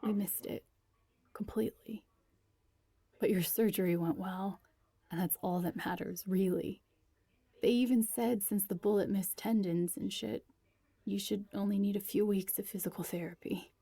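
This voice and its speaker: A woman reading a story aloud, voicing a young female drummer who speaks quietly and shakily. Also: medium pitch, steady tone, moderate pace, creaky, breathy edge, no room sound. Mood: subdued. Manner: quiet and shaky.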